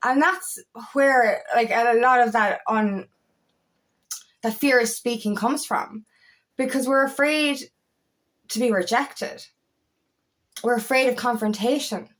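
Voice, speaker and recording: Taking it slowly with long pauses, this empowerment coach talks to camera in a fairly high, fairly bright voice. Her heartfelt vlog monologue is rambling and full of swearing, delivered in her quirky, eccentric way as her voice catches with emotion.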